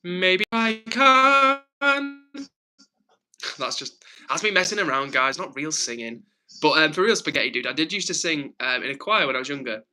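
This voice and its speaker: A young man from England hosts a live stream in a medium-pitched, sharp voice, animated and quick. He reads chat messages aloud and answers viewers in a friendly, chatty way with a frog in his throat, on a low-quality recording.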